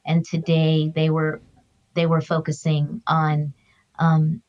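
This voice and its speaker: Speaking slowly in a low, darkish voice with a completely flat delivery, a middle-aged guest shares a personal story, and the audio sounds dull. She's an author and grief counselor, and her storytelling is heartfelt and conversational, earnest, emotional and reflective.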